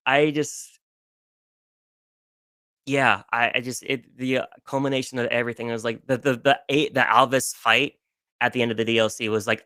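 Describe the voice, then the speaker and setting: A man with a bright, clear voice chatting on a podcast, gushing and emotional, often stumbling and restarting. The sound is dry and close, with no room in it. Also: medium pitch, dry recording. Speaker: podcast guest. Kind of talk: casual podcast chat about video games.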